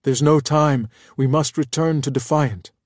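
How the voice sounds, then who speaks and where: A hulking young female bodyguard with a blunt, booming delivery and a jealous streak, played by a male reader. Dry, close audiobook sound. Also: fairly even intonation, normal speed, darkish tone, no echo, close to an everyday voice. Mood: urgent.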